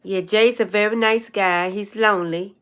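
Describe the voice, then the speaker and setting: A woman's voice: mid-range voice, steady tone, moderate pace, fairly bright tone, clear, resonant tone. An older woman hosting a casual livestream chat, telling long meandering stories and greeting viewers. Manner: rambling, meandering storyteller. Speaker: livestream host.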